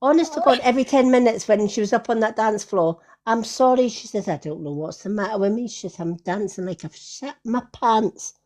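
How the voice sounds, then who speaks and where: A woman telling a lively anecdote in casual livestream chat, full of "I says" and "she goes". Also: a little high, fast talker, few pauses. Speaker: tarot card reader.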